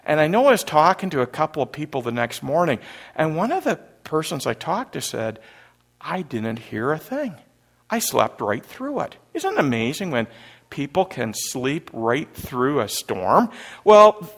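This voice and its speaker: Animated pastor with a gravelly voice. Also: male voice, on the high side, normal speed. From Canada. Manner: animated storyteller, acts out panicked disciples loudly. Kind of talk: sermon.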